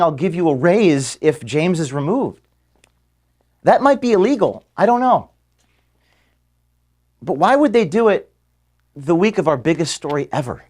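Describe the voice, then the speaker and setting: A man, the founder of an organization, giving an earnest farewell speech to his staff in an office. He is emotional and halting, with restarts and pauses, and is being filmed. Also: on the high side. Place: office room at headquarters. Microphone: filmed by camera.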